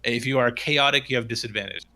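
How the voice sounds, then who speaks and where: A man running a tabletop game as game master, narrating in a halting way with many restarts. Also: mid-range voice, sharp tone, a little hiss or hum. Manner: halting, restarts while describing.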